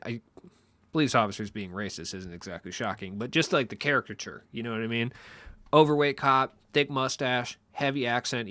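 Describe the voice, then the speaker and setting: A man's voice: medium pitch, bright, forceful tone, no room sound. A young man chatting casually with his stream viewers in a loose, rambling, profane way.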